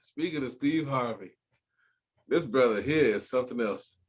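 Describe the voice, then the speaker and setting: A man hosting a casual chat show, talking in an animated way, laughing often and swearing freely. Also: mid-range voice, moderate pace. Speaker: podcast host.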